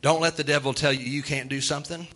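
A man's voice: a little high, steady tone, quick pace, fairly bright tone. A man preaching a sermon as pastor, building to fervor and punctuating with amens. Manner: preaching with rising fervor, call-and-response amens.

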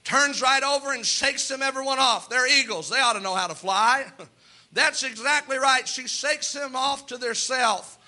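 A middle-aged man preaching a sermon in a church. His voice sits very high and sounds strikingly bright and ringing. He tells homey stories, stumbling and restarting as he goes. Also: moderate pace. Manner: folksy storytelling with repeated restarts.

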